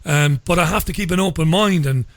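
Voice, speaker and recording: A man hosting a radio interview, speaking in a measured way and often repeating his first words. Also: a little high, dry recording. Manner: measured, repeats words when starting a sentence. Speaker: radio show host.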